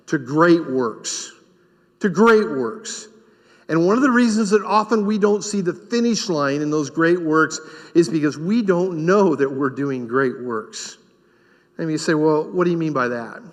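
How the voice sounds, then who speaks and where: A man preaching a sermon as pastor, emphatic and repeating key phrases for stress. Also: a little high. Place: church sanctuary. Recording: long reverb of a church hall.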